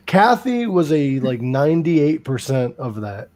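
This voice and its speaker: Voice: mid-range voice, moderate pace, darkish tone. A podcast host who chats casually, jokes around and swears freely. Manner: joking, swears freely, laughs a lot. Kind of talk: casual chat.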